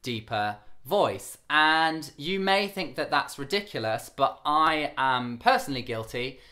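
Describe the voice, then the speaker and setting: A young man vlogging to camera with a light camp rasp, speaking earnestly in a higher-pitched voice he holds a little lower than his relaxed one. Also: unhurried. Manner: earnest, candid. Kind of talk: talking to camera.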